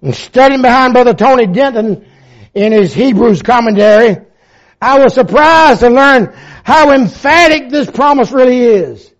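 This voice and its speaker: A man of seventy-four preaching a sermon with fervor, swinging from loud emphasis to hushed reflection and quoting old-fashioned scripture. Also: very high voice, animated, moderate pace. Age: 70s. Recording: dull lo-fi recording.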